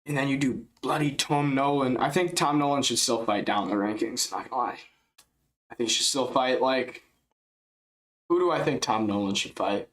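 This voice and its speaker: A man streaming casual live fight commentary, excitable and rambling as he thinks out loud. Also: medium pitch, moderate pace.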